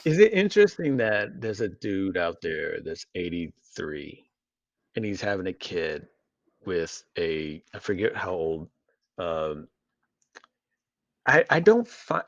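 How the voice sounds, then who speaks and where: A man with a low voice rambles through a crude, joking podcast chat, tripping over restarts as he goes. His pitch swings widely from line to line. The sound is dull and lo-fi, with a dry, close feel. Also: no echo. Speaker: podcast co-host. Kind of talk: casual unscripted chat.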